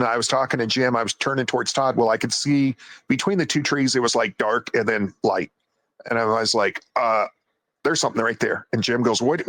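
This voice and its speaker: A man's voice: mid-range voice, dry recording. Man telling a forest story, dry sound. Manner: animated retelling, acts out quoted voices. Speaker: guest storyteller. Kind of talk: casual storytelling.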